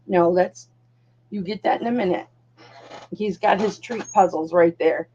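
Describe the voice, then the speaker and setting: A woman's voice: fairly low pitch, measured pace, mellow, lo-fi sound, slight background noise. An older woman hosting a live jewelry auction stream from home, chatting casually and cooing at her puppy. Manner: chatty, talks baby-talk to her puppy. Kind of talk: casual livestream chat.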